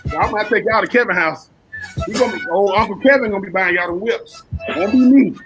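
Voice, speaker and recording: A man's voice: high-pitched, quick pace, music in the background. A man co-hosting a sports radio show, animatedly telling stories about his kids in casual chat. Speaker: radio co-host.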